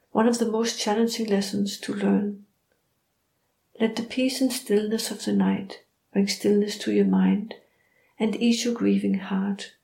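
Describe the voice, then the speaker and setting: A woman doing a gentle female dog spirit, soft and soothing, steady flat tone, mellow gravelly voice, roomy echo. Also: mid-range voice.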